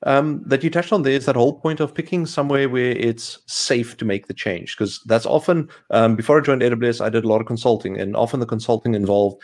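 A man's voice: medium pitch, fairly quick, darkish tone. A man co-hosting a casual tech discussion from a home video call, chatty and a little apologetic. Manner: chatty, apologetic, quotes clients in voices.

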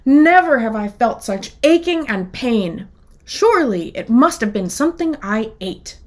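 A big storybook wolf groans dramatically over his aching stomach, as a woman puts him on. The moaning voice sits above her usual pitch and comes out loud and drawn out. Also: very animated, unhurried. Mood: pained.

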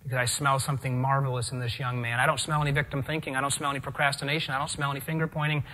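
A man's voice: mid-range voice, level tone, rapid-fire, sharp tone, a little hiss or hum. A man giving a motivational keynote to a live audience, telling stories with theatrical energy and asking the audience questions. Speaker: keynote speaker. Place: large room before a live audience.

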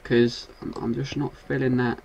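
A man giving casual, excitable commentary while playing a video game, scolding and swearing at the monsters on screen. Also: mid-range voice, moderate pace, dull audio, slight background noise. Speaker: gaming video host.

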